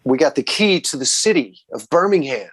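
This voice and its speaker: A man with a Southern US accent, a guest musician, telling road stories in a relaxed, casual way and often saying "man". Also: fairly high pitch, brisk, breathy edge, dry recording. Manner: relaxed, says "man" a lot, acts out quoted voices. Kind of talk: casual storytelling interview.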